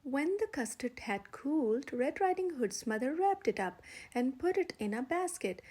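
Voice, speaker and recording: A young woman reads a children's story aloud in a gentle, expressive way. Her voice sits high. She sounds like the host of a storytime channel. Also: normal speed.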